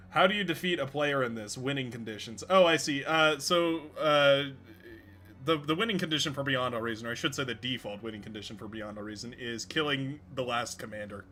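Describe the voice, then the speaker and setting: A man's voice: mid-range voice, sharp tone. A young man hosting a game livestream, rambling casually with frequent laughs and restarts. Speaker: stream host and game caster.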